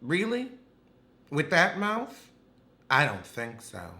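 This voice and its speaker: A man's voice: a little high, wildly swooping pitch, takes it slowly, bright, forceful tone. A man recapping a reality show with sassy, dramatic, cutting humor.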